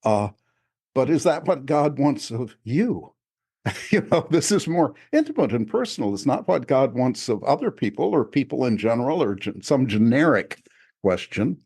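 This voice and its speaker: A man, an author, talking in a relaxed podcast conversation, reflective and often chuckling as he restarts his sentences. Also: mid-range voice, normal speed, slightly rough. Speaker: author discussing his spiritual experiences. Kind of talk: casual conversational podcast talk.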